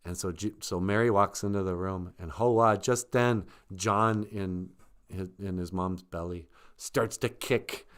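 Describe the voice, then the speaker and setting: A man's voice: low-pitched, fairly even intonation, measured pace, clear, resonant tone. A man casually retelling a story on a live stream, joking and chuckling.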